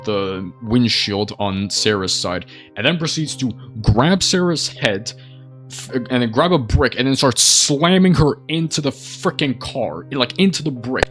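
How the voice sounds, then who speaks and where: Male movie reviewer, deep voice, casual and rambling, lots of fillers, gets worked up retelling scenes, faint music underneath. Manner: rambling, heavy on fillers like "you know" and "like"; excitable, voice jumps up when recounting scary scenes.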